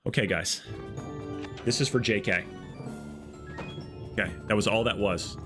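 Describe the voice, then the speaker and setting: A man live-streaming a game, talking to his chat in an excitable, jokey way. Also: on the low side, unhurried, over music. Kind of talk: casual live-stream commentary.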